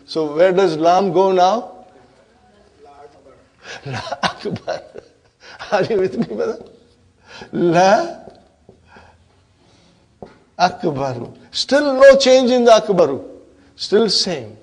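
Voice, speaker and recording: A man's voice: sits high, expressive, takes it slowly, long pauses, a little mellow. A man with Urdu as his first language, teaching an Arabic grammar class and constantly checking in with his students. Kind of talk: classroom lecture.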